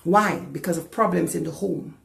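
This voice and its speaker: A woman's voice: low voice, moderate pace, vocal fry, a bit bright, echoey room. A woman from the Caribbean preaching a sermon as a pastor, passionate and repeating phrases for emphasis. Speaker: pastor and deliverance minister.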